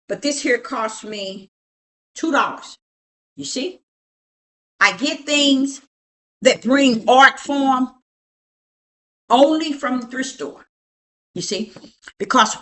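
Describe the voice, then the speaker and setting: A woman's voice: mid-range voice, pushed and bright. A middle-aged woman, a prophetess, talking emphatically and preachily as she shows things around her home, often asking "you see?". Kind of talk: casual show-and-tell at home.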